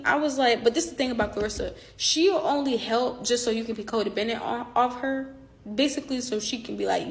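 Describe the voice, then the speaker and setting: A woman's voice: fairly high pitch, fast talker. A woman telling a personal story in casual chat, animatedly acting out past conversations and speaking straight to her viewers. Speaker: boxer telling her side of a falling-out.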